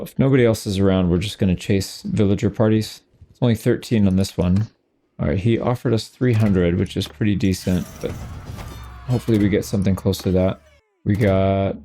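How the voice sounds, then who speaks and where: A man giving casual, wry running commentary while he plays a strategy game. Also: lowish voice. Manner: relaxed, wry running commentary on his own play. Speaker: gameplay commentator. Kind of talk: casual let's-play commentary.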